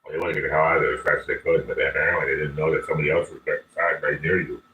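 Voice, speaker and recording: A man's voice: extremely low pitch, steady tone, very fast, a crowd in the background. A man in a casual chat, mostly answering his friend with brief, agreeing replies.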